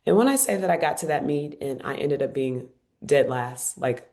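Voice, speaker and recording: A woman in her forties speaks in a notably low voice. She is a podcast guest who tells her story with lively emphasis. She repeats phrases to drive her points home. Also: moderate pace. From Cincinnati, United States. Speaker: guest, former Olympic runner.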